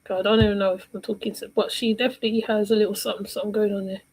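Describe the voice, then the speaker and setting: A woman's voice: mid-range voice, level tone, very fast, a little mellow, husky, rough recording. A woman giving casual reaction commentary on a livestream, rambling and repeating herself while she searches for words.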